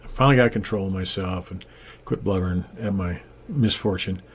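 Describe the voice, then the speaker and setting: An older man, a Christian minister, telling a personal testimony in an earnest, animated way and acting out the people he quotes, recorded in a home studio on a desktop microphone. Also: deep voice, fairly quick, slight background noise. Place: home studio with green screen. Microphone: desktop USB studio microphone.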